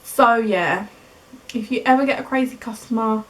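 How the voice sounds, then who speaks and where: A young British woman in her twenties telling a story casually in a vlog, chatty and animated, acting out the dialogue. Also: on the high side, moderate pace, rough recording. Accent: British English. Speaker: beauty vlogger.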